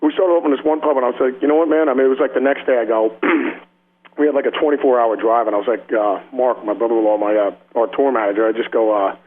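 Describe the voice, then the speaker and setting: A man in a casual radio interview who rambles through his stories in slangy talk, laughs often, and plays the other people in them. His voice sits at an ordinary middle pitch. The sound is slightly dull, like radio audio. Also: fairly even intonation, fast. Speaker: rock guitarist guest.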